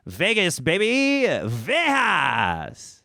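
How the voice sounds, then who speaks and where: A young man spins a comic tale as a podcast host, his pitch bouncing high and low as he goes. He rambles, restarts and swears freely. The sound is dry and close. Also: huge pitch swings, drawn-out words, gravelly, bright, forceful tone, no room sound. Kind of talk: casual comedic storytelling.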